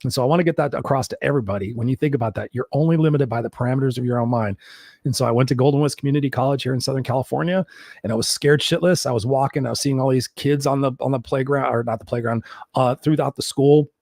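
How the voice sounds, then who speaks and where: A man's voice: medium pitch, fast, creaky, darkish tone, dry recording, clean studio sound. A man who works as a life coach, guest in an interview, telling his story bluntly and candidly, with some swearing.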